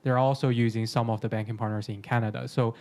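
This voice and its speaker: Man, panelist, measured, explanatory, mid pitch, conference room. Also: level tone, a little mellow. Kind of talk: casual panel discussion.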